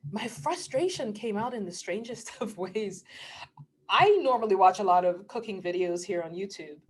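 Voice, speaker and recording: A middle-aged woman vlogger with a husky, mid-range voice talks casually to the camera about spiritual matters. Earnest and emotional, she often laughs mid-sentence and sometimes drops to a hushed near-whisper.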